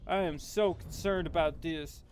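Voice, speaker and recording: High-voiced man narrating his gameplay. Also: steady tone, darkish tone, faint music behind. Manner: rambling, self-talking, quickly alarmed. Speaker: gaming channel host. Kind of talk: game commentary.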